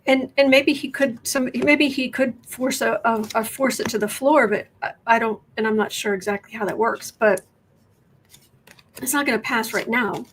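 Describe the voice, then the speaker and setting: A woman's voice: on the high side, fairly even intonation, moderate pace, a little hiss or hum. A woman hosting a casual tarot livestream, chatting and thinking aloud as she reads viewer questions. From United States. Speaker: tarot reader and livestream host. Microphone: webcam.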